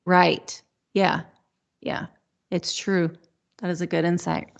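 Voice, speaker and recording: A woman co-hosting a podcast in casual chat, speaking slowly and laughing often. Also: on the low side, level tone, creaky. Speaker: podcast co-host.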